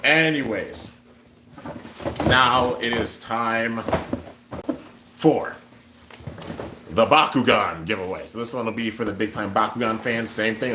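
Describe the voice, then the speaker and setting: Young man, livestream host, casual and upbeat, roomy echo, faint hiss behind. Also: lowish voice. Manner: upbeat, chatty, reads out chat comments. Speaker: streamer hosting a toy giveaway.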